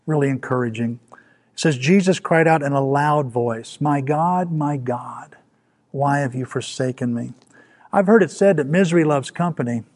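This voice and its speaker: A middle-aged man preaching a sermon as pastor, dropping to soft, quiet lines and rising for emphasis. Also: on the high side.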